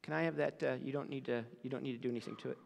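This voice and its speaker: A man leading a church service as pastor, speaking in a relaxed, informal way with fillers. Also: mid-range voice, very fast, gravelly, in a large hall. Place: church sanctuary.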